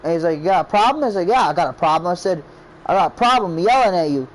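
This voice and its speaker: In a high, expressive voice, a fast-talking game creator rambles casually about making his game. He quotes his friends' reactions over and over, repeating "I was like," and the recording quality is low.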